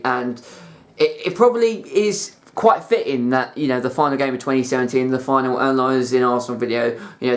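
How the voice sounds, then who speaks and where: A man, an angry football fan vlogger ranting about a match in an exasperated, repetitive way. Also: medium pitch. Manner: fuming, exasperated, repetitive "like" and "you know".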